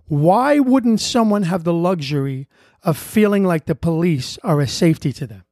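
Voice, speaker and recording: A blunt co-host argues through pointed rhetorical questions, and the voice swings widely in pitch. It sounds close and dry, without any audible room. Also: animated, moderate pace, a little mellow, no echo. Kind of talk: religious commentary discussion.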